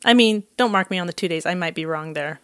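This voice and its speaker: A woman tells a personal story in a relaxed, conversational way. She brings the dialogue to life, jumping up in pitch for the quoted lines. The sound is dry and close, with no room echo. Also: fast. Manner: lively, acts out quoted dialogue with laughs. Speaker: guest telling her adoption story. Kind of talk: casual storytelling.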